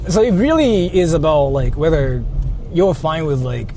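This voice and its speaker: Guy rambling while driving, lotsa fillers, bouncy lively voice, faint road noise. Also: a little high, moderate pace. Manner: rambling, filler-heavy, swears often. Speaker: vlogger. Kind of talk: casual chat while driving. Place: in a car. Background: faint car and street noise.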